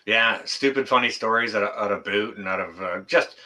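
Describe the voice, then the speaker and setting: A man co-hosting a stream, chatting in a relaxed way with loose fillers. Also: fairly low pitch, a little fast. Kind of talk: casual chat.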